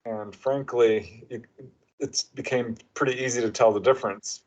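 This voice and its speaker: A man's voice: mid-range voice, moderate pace, low-quality recording. A man guesting on an interview show as an author, telling anecdotes and acting out the quotes. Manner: animated storyteller who acts out quotes. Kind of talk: casual interview chat.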